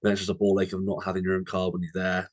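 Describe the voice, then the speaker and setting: A man's voice: low-pitched, monotone, rapid-fire, no room sound. A young English man co-hosting a podcast, chatting casually, calling his friend mate constantly and telling anecdotes. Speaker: podcast co-host. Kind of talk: casual chat.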